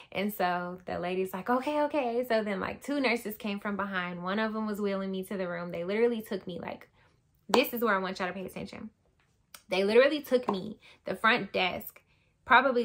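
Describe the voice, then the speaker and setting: A young woman telling a birth story to her viewers in animated, casual chat, acting out what people said. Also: mid-range voice. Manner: animated, addresses viewers as y'all, acts out quotes.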